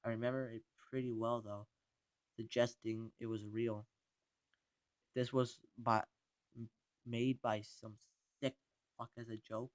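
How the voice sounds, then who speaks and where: A man narrating a creepypasta, reading haltingly with frequent stumbles and restarts. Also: mid-range voice, dry recording.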